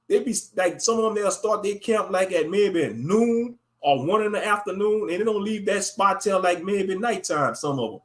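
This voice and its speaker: A man's voice: high voice, lively intonation, normal speed, fairly bright tone. Laid-back slangy male host. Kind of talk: casual livestream talk.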